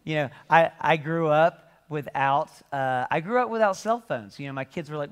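A middle-aged man preaching a sermon, telling lively jokey stories and acting out asides. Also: on the high side, normal speed, smooth. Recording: reverberant hall.

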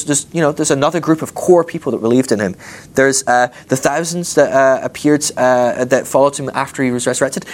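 A man preaching a casual, chatty sermon and acting out the disciples in quick asides. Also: medium pitch.

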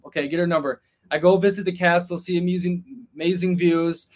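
A man with a high, light voice tells a rowdy travel story in a loose, casual way. He swears freely and puts on quick voices for the people he quotes. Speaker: podcast guest.

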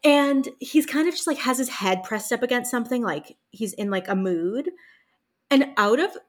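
A woman's voice: on the high side, animated, normal speed. A young woman co-hosting a podcast in casual chat, talking loosely with many fillers. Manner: chatty, many fillers, laughs along. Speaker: podcast co-host.

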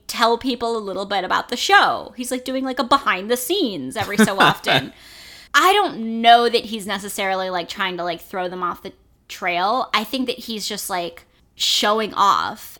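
Bright-voiced, ranting woman podcast host. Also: mid-range voice. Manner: animated, profane, ranting. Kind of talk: casual chat.

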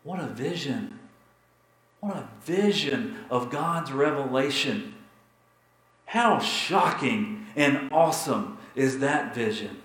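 A man pastor telling a story in a sermon, dramatic and repetitive, with emphatic pauses. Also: mid-range voice, expressive, fairly bright tone, reverberant, poor audio.

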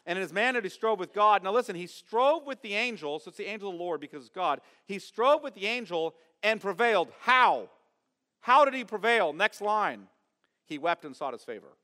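A man preaching a sermon as pastor, emphatic, asking his congregation questions and swinging from loud stress to quiet asides. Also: sits high, animated, brisk, long reverb tail. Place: church sanctuary.

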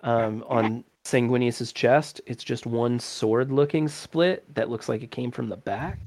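A man from North America, a podcast guest in casual chat, laid-back and quick to laugh. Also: medium pitch, darkish tone, dry recording.

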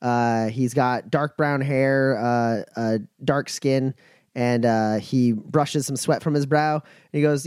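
A man narrating a tabletop game as game master, halting with many fillers. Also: mid-range voice, steady tone, darkish tone, clean tone, dry recording, clean studio sound.

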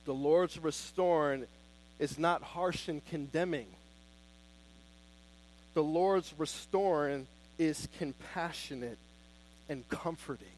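A man preaching a sermon with fervent emphasis, swinging between loud declarations and soft, hushed pleas. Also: a little high.

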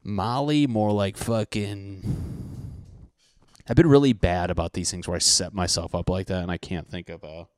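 A man's voice: sits low, steady tone, normal speed, a little mellow, no room sound, studio quality. A man hosting a solo podcast from his apartment, rambling casually with heavy swearing and crude jokes. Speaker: podcast host.

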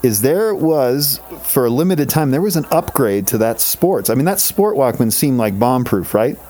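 A man's voice: medium pitch, lively intonation, normal speed, dark tone. A man from Colorado co-hosting a show, rambling through playful tangents in casual comedic banter. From Colorado, USA. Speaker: podcast co-host.

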